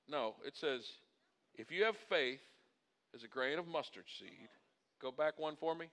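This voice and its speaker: A man delivers a sermon in a high, ringing voice. He mixes folksy humor with impassioned preaching that swells to loud, forceful peaks, with a bright, sharp edge to his tone. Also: lively intonation, a little slow, long pauses. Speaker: pastor.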